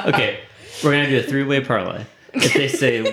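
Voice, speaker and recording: A podcast co-host in casual chat, talking fast and laughing often. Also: mid-range voice, animated, fairly bright tone, echoey room.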